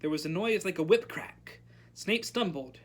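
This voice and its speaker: A librarian reading a novel aloud at storytime, animated and calling out the characters' lines. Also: medium pitch, normal speed.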